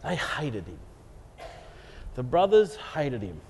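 A man's voice: medium pitch, huge pitch swings, takes it slowly, darkish tone, a little hiss or hum. A man preaching a sermon, retelling a story with playful asides. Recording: long hall reverb.

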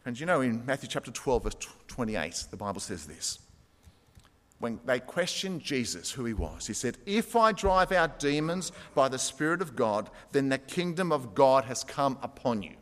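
A man's voice: mid-range voice, sing-song, moderate pace, fairly bright tone. A preacher man in an echoing hall. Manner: storytelling, reads quotes aloud with rising intensity. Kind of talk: sermon. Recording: long hall reverb.

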